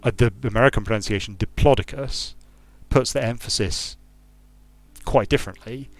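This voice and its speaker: A man's voice: fairly low pitch, brisk. A British man, a game designer, giving casual, digressive commentary while he plays a strategy game. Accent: British English. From United Kingdom. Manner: digressive, musing aloud. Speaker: game designer streaming his play.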